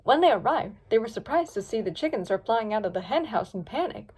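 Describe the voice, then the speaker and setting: Lively woman reading a story aloud. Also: fairly quick, slightly rough. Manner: lively, voices each pup and hawk with pitch jumps. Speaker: fanfiction reader. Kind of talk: storybook read-aloud with character voices.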